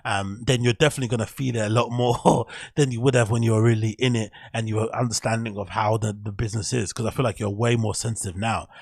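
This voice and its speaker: A man's voice: mid-range voice, no echo. A man hosting a solo podcast, giving rambling, opinionated commentary. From England. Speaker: show host.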